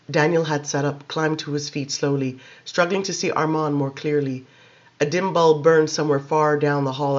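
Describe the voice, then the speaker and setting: A man narrating a novel aloud in a measured, dramatic reading. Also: on the high side, fairly even intonation, lo-fi sound. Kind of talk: audiobook narration.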